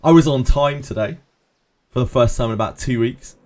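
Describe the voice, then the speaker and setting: A game streamer chats casually with viewers during a live stream, answering them by name and laughing often. He has a medium-pitched, darkish voice and talks at normal speed.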